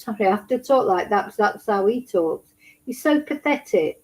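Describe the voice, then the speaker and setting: A woman's voice: mid-range voice, lively intonation, normal speed, rough recording. A woman giving blunt, indignant casual commentary on a trial report, swearing now and then. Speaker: true crime commentator.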